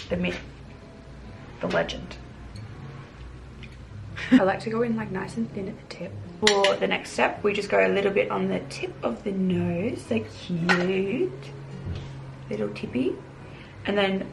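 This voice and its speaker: A woman runs through a makeup tutorial from her bedroom in a bubbly, chatty way, calling every brush and product little. Her voice sits at an ordinary pitch with a gravelly, fry-tinged edge. Music plays clearly behind her. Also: poor audio. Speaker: makeup vlogger. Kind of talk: casual tutorial chat.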